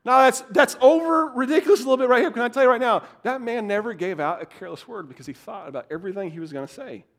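High-voiced animated male preacher. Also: rapid-fire, hardly any pauses. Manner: animated, repeats words, swings from loud to hushed. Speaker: pastor. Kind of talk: sermon.

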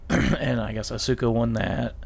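A man's voice: mid-range voice, a little slow, gravelly, a little mellow, breathy edge. A man co-hosting a casual chat, rambling and breaking off mid-sentence to mimic what people said. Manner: rambling, self-interrupting, mock-quoting people. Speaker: podcast co-host. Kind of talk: casual chat about wrestling.

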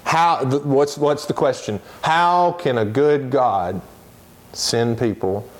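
Man, Sunday school teacher, earnest lesson delivery, slows down to stress points, reads scripture quickly. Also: medium pitch. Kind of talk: Bible lesson.

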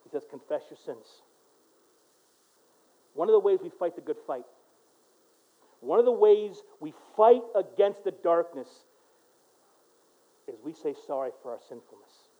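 A male pastor preaching a sermon, dropping to a quiet voice for prayers and rising to loud, emphatic exhortation. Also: on the high side, expressive, unhurried, long pauses, narrow, tinny audio.

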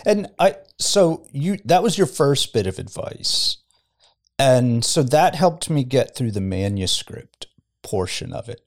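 A man's voice: medium pitch, big pitch swings, slow pace. Reflective middle-aged man, pastor guest. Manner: reflective, chuckles while telling stories. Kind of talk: casual podcast conversation. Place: podcast studio.

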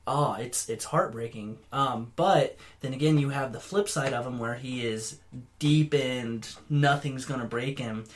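A man's voice: mid-range voice, measured pace. A man in casual podcast chat, earnest and hesitant, full of ums and uhs. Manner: hesitant, filler-heavy, earnest.

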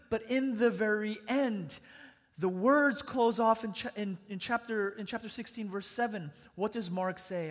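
High-voiced man preaching in echoing church. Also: a bit bright. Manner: earnest, conversational preaching. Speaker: pastor. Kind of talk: sermon. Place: church sanctuary. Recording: long church reverb.

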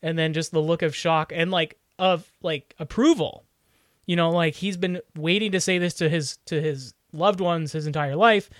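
A young man in easy podcast conversation, voice sitting a touch high and recorded very dry and close. He rambles and jokes with plenty of restarts and fillers. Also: fairly even intonation, moderate pace, no echo. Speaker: podcast co-host. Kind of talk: casual chat.

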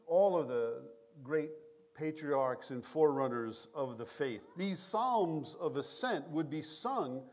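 A man pastor preaching a sermon in a measured, prayerful cadence, reading scripture and leading prayer. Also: fairly high pitch, a little mellow. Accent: New York.

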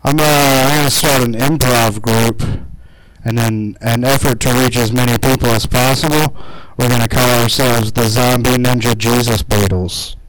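A man's voice: medium pitch, fairly even intonation, no room sound, poor audio. A man at an open mic delivering absurd one-liners in an awkward way and putting down his own jokes. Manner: slow, awkward one-liner delivery with self-deprecating asides. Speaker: open mic comedian and emcee.

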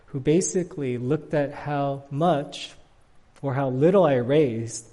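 A middle-aged man giving a casual, conversational sermon with lots of fillers, loudly acting out the people in his stories. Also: medium pitch, slow, long reverb tail. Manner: casual, chatty, frequent fillers, acts out quotes loudly. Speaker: guest preacher.

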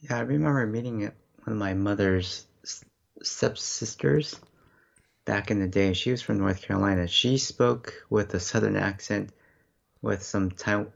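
A man with a low, heavily gravelly voice tells a relaxed story in casual chat. His recording sounds dull and muffled, as if from a cheap microphone. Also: unhurried.

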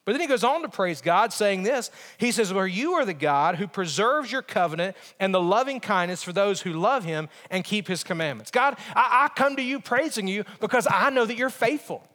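A man preaching a sermon as pastor, earnest, with quick humorous asides. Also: high-pitched, animated, sharp tone. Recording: echoey church hall.

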